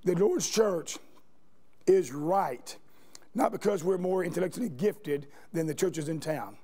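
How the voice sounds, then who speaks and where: A man preaches in a church sanctuary at a slightly slow pace, his high-pitched voice mellow. His sermon mixes storytelling with questions directed at the congregation.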